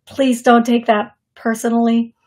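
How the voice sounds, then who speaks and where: A woman with a husky, slightly high voice hosts a call-in radio show, reading viewer questions and talking through answers. She speaks slowly and chattily, and she laughs when nerves get to her. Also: little pitch movement, darkish tone. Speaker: psychic medium radio host.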